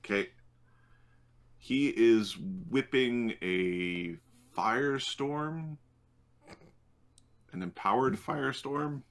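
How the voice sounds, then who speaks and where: A man running a tabletop game as game master, unhurried and thinking aloud with many fillers. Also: mid-range voice.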